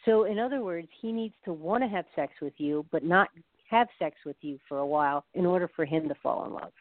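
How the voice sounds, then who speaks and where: A woman's voice: fairly low pitch, fairly quick, dry recording. A woman guest expert, talking in a chatty explanatory way and telling anecdotes with quoted voices. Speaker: guest expert on the science of love. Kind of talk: casual explanatory interview talk. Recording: phone-like narrow sound.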